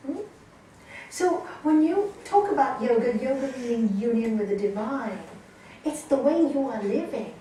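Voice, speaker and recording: A woman's voice: on the high side, moderate pace, far from the mic, a little hiss or hum. Woman yoga teacher in an echoey hall. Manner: animated, teasing storytelling. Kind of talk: yoga class talk. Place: yoga class room, indoors.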